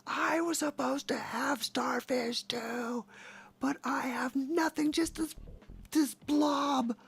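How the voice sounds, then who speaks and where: Brief: man voicing a fussy mermaid girl, high squeaky falsetto, whiny and slow. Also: steady tone, vocal fry, fairly bright tone, heavily acted. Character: fussy high-voiced female mermaid, complaining.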